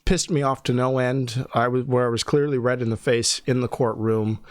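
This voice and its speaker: A man's voice: medium pitch, steady tone, normal speed, dry recording, studio quality. A man hosting a podcast who tells a story in a casual, exasperated way, swearing and laughing in disbelief. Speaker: podcast host. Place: home studio in a bedroom.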